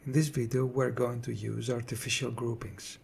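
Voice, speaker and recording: A man narrating a scripted drum tutorial in a measured, explanatory way. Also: mid-range voice, level tone, gravelly, slightly rough, faint music behind. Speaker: drum teacher.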